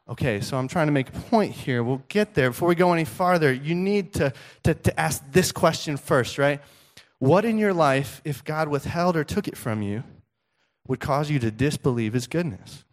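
A male pastor preaching a sermon in a conversational, animated storytelling way, with frequent restarts. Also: on the high side, normal speed.

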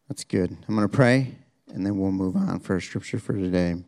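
A man preaching a sermon as pastor in a church, talking casually and self-deprecatingly with many restarts, shifting pace and loudness for emphasis. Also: deep voice, normal speed. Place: church sanctuary, also streamed.

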